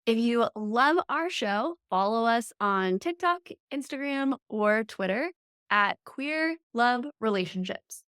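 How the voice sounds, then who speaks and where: A woman hosting a podcast as a relationship coach, chatting casually and laughing often and loudly. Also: on the high side, animated, takes it slowly, clean tone.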